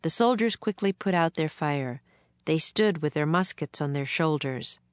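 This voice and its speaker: A woman narrating a children's storybook aloud in a gentle read-aloud manner. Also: low-pitched, animated, normal speed, clear, resonant tone, dry recording, clean studio sound. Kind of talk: storybook reading.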